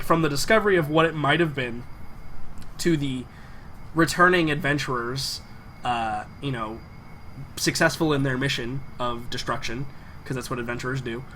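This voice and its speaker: A man's voice: fairly high pitch, bright, forceful tone, slight background noise, rough recording. A man narrating a tabletop game as game master, rambling with many fillers.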